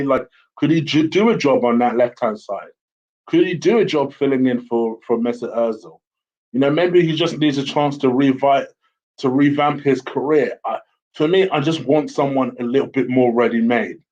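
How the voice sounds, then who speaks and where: A man's voice: mid-range voice, darkish tone. Guy ranting about football on his channel, blunt, mid voice, kinda muffled lo-fi audio. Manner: blunt and opinionated. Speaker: football fan vlogger. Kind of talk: casual talk to camera. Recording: slightly dull lo-fi audio.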